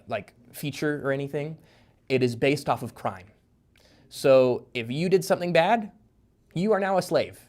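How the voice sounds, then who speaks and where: A man in casual podcast chat, a guest author explaining at length with lots of fillers and restarts. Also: medium pitch. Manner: rambling, filler-heavy explaining.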